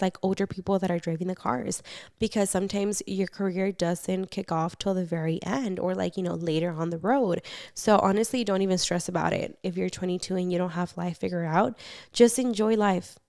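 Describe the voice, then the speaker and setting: A young woman hosting a casual advice podcast, chatty and animated, reading confessions and swearing casually. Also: lowish voice, no room sound, studio quality. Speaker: podcast host.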